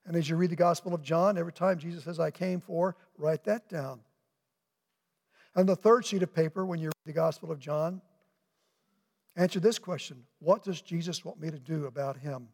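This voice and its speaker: Older guy pastor preaching in a church, gravelly voice, big echoey hall. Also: fairly high pitch, darkish tone. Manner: earnest, asks rhetorical questions, slows for emphasis. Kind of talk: sermon. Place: church sanctuary with long reverb.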